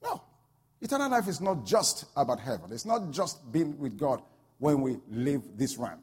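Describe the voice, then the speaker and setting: Husky guy preaching, tells a story then gets loud and fired up, big echo in the hall. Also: mid-range voice, big pitch swings, normal speed. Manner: storytelling, builds to loud shouted peaks. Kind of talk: sermon. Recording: long hall reverb.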